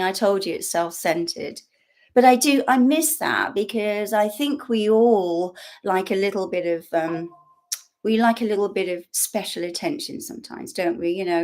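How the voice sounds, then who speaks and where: Chatty English woman on a live stream. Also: mid-range voice. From England. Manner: chatty and rambling, many fillers, frequent laughs. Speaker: YouTube host. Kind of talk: casual live-stream chat. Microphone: built-in laptop microphone.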